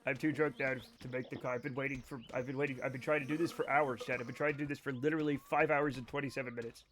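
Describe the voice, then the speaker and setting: A man's voice: medium pitch, fairly even intonation, very fast, fairly bright tone, slight background noise. A tipsy man streaming a game and chatting casually with his viewers, blunt and profane.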